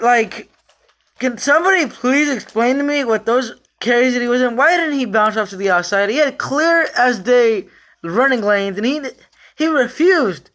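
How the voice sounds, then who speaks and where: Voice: mid-range voice, a bit bright. Rambling frustrated sports fan ranting. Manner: many fillers and restarts. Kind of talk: casual fan rant.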